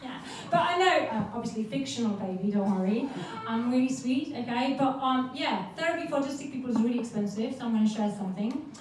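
Brief: high-voiced woman comic, brash and crude, very echoey club sound heard from a distance. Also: lively intonation, fast talker, hardly any pauses, a little hiss or hum. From Poland. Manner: brash, profane, self-mocking. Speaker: stand-up comedian. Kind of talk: stand-up comedy set. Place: comedy club stage. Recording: echoey club room, far from mic, audience laughter.

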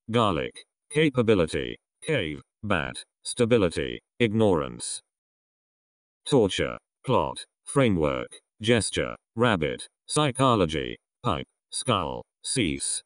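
A man reading a vocabulary list aloud, deliberately, one word at a time with pauses between. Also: low-pitched, no echo, studio quality. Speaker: vocabulary reader.

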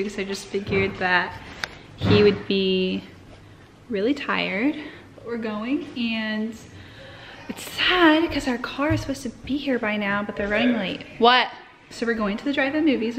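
A woman's voice: a little high, fairly bright tone, slight background noise. A young woman vlogging to camera from her home in a candid, chatty way. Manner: candid and chatty, talking straight to viewers. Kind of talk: casual vlog chat to camera.

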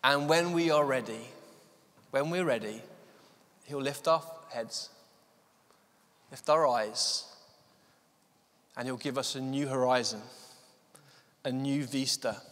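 A male preacher giving a sermon, telling a story with many fillers and slowing down to stress his key points. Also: mid-range voice, fairly bright tone, big-room sound. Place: church hall.

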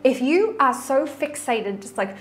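A woman's voice: high-pitched, lively intonation, unhurried, soft background music. A woman relationship coach talking to camera in a casual vlog, chatty and frank, with mild swearing.

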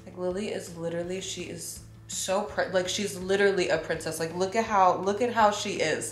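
Her fairly low voice holds a steady tone at a moderate pace with hardly any pauses as the beauty vlogger, around thirty and running her own makeup brand, chats in a loose, rambling way. She swears casually and drifts into side comments, recorded in an echoey room with music going.

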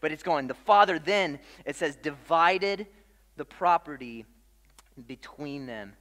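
A pastor preaching a sermon in a loose, conversational way, with casual fillers and dramatic pauses. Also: male voice, a little high, animated, a bit bright, big-room sound.

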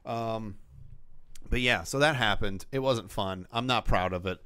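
A man's voice: on the low side, a little slow, bright, forceful tone, clear, resonant tone, no echo. A man hosting a solo podcast, chatting casually in a rambling way with lots of swearing and fillers. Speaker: podcast host. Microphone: podcast microphone.

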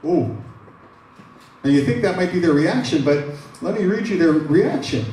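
A man with a Canadian accent, a pastor preaching a sermon, animated and casual as he reads scripture and retells it in plain words. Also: high voice, normal speed, long pauses, a little hiss or hum. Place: large church hall. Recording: echoey hall, mic from far off.

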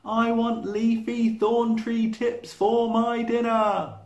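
A man voicing a loud, mean male giraffe who laughs all the time, in a storybook reading. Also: little pitch movement, takes it slowly. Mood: shouting. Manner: booming, braying laughter and shouts. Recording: echoey room.

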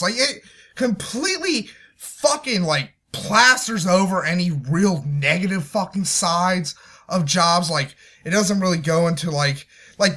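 A young man reviewing a movie in an angry, profane rant, swinging from low muttering to shouted outbursts.

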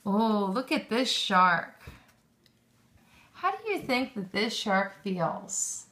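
Slow, bright-voiced woman teaching children. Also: medium pitch, very animated. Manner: encouraging, praises often, questions drawn out. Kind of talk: lesson for young children.

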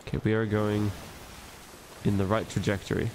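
A gaming video host offers casual gameplay commentary, joking and rambling to himself as he plays. His voice is on the low side, level, creaky, and a little mellow at normal speed, with a little hiss or hum in the recording.

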